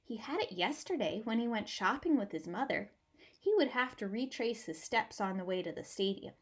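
A woman reading a children's picture book aloud with warm, expressive storytelling. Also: fairly high pitch, moderate pace. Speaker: storybook reader.

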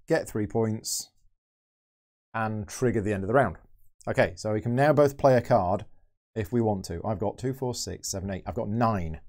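This board game channel host has a fairly low, somewhat dark voice. He plays a solo game and talks through his reasoning, explaining every move.

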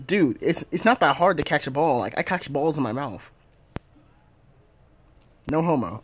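A performer acting out a silly argument skit, jumping between squeaky shouts and low mumbles, recorded on a phone. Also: a little slow, slightly rough. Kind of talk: improvised comedy skit with voices.

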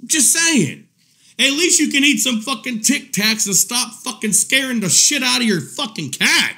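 A man giving casual reaction commentary in a profane, mocking, animated way, often breaking into laughter. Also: very high voice, moderate pace, gravelly. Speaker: commentary vlogger.

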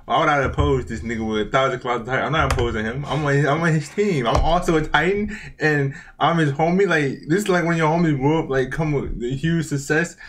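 A young man co-hosting an anime reaction, joking loudly and crudely and slipping into goofy voices. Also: a little high, fast, hardly any pauses. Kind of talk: casual reaction chat. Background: faint anime soundtrack.

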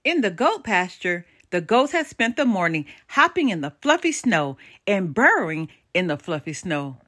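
An older woman reading a children's storybook aloud with expressive, animated storytelling and dramatic pauses. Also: medium pitch.

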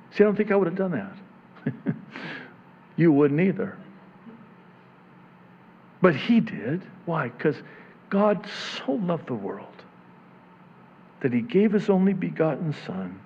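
A man preaching a sermon as a pastor, swinging from hushed near-whispers to loud, impassioned preaching. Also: medium pitch, dull audio, slight background noise.

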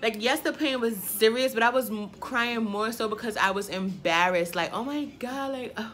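A woman in her twenties telling a personal story casually, with dramatic, animated delivery and lots of filler phrases. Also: a little high, normal speed. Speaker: vlogger.

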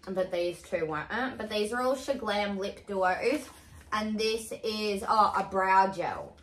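Bright-voiced young woman, gushing. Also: mid-range voice, slow pace. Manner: excitable, swears freely, exclaims often. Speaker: vlogger. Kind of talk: casual haul unboxing chat. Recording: echoey room with faint hiss.

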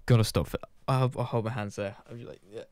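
A man's voice: medium pitch, steady tone, fast talker, darkish tone, dry recording. A man chatting casually to his channel's viewers, rambling and self-deprecating, swearing offhand. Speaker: gaming channel host. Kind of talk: casual chat to camera.

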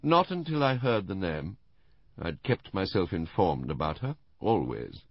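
A man reading an audiobook, voicing a calm, defiant, unemotional older blind woman who runs a spy ring. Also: low voice, a little slow, husky, no echo, highs cut off, exaggerated voice. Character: cold, composed blind older woman spymaster. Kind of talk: audiobook character voice.

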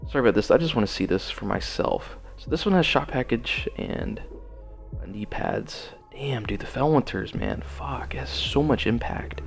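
Gravelly young man cursing at his game. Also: medium pitch, expressive, normal speed, faint music behind. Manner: exasperated, profane, talks to himself while playing. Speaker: gaming channel host. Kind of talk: casual gameplay commentary.

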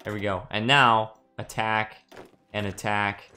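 A man's voice: fairly low pitch, fairly even intonation, a little slow, sharp tone, slight background noise. A man streaming a strategy game, chatting casually, joking and often laughing while reading viewer comments aloud. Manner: giggly, jokey, reads chat aloud. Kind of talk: casual gameplay chat.

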